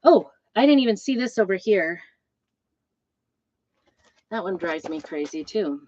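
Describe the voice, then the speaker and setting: A woman's voice: medium pitch, expressive, unhurried, darkish tone. A woman casually showing off new craft designs, chatty and rambling, with lots of ums and asides. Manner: self-described trumpet player, fussy about instrument details. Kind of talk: casual show-and-tell vlog. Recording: dull, slightly lo-fi dry recording.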